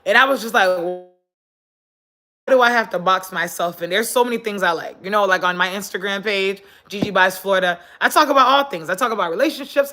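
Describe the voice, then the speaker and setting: A woman talks into her phone on a live stream, giving earnest motivational advice in a bright, sharp voice. Her pitch sits in an ordinary middle range. She leans on repetition to drive her points home, like a casual sermon. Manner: earnest, preachy, repeats points for emphasis. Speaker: livestream host. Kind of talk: casual motivational livestream talk. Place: indoors, sitting on the floor.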